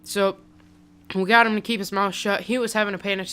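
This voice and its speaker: A man's voice: high voice, level tone, brisk, bright, forceful tone, clean tone. A young man casually telling a story on his vlog, rambling and chatty with lots of "like", into a pop-filtered desk mic. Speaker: vlogger.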